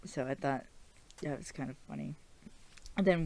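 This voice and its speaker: A woman's voice: low voice, fairly even intonation, normal speed, darkish tone. A young woman hosting a podcast and recapping a TV episode in a rambling, casual chat full of fillers and laughs. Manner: chatty and rambling, with many fillers and frequent laughs. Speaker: podcast host.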